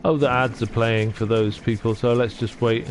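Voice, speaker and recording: A man's voice: mid-range voice, little pitch movement, normal speed, a little hiss or hum. A man live-streaming a game, chatting casually, reading dialogue aloud and laughing at himself. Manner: chatty, self-deprecating, reads dialogue aloud.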